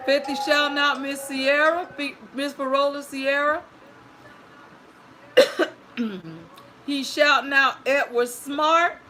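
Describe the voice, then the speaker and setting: A woman's voice: high-pitched, slow pace, long pauses, soft background music. A woman hosting a livestream storytime, greeting viewers by name and reading their chat messages aloud. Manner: greets viewers warmly by screen name, playful and sing-song.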